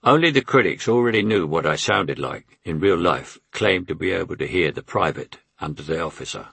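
A man's voice: deep voice, animated, fairly quick, creaky, a bit bright, slightly rough, dry recording. A man in his eighties with a London Cockney accent, reading his memoir in a wry, conversational way. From England. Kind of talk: audiobook memoir narration.

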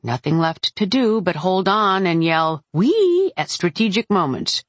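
A woman's voice: lowish voice, moderate pace, a bit bright, dry recording. A woman narrating a first-person audiobook in a wry, matter-of-fact way on a close studio mic.

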